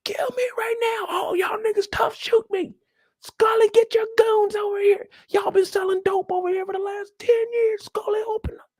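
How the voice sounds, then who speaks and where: A man voicing a frantic, angry woman who screams for someone and dares men to shoot her, in a shrill falsetto. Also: level tone, moderate pace, no room sound, studio quality. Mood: taunting.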